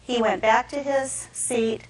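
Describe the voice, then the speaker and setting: A woman defendant giving courtroom testimony, retelling events in an animated way and acting out the quotes. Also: fairly high pitch, slow pace. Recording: echoey courtroom from far off.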